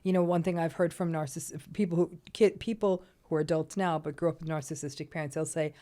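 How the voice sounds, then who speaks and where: A middle-aged woman psychologist, a podcast guest, explaining in a measured, clinical way. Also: deep voice, steady tone, mellow. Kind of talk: explanatory interview talk.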